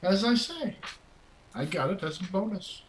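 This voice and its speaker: Sly bargaining woman dealer, mocking and smug, swooping lively delivery, a man voicing her at a game table. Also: high-pitched, a little slow, a little hiss or hum, voice pushed up, rough recording. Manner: teasing, bargaining, condescending.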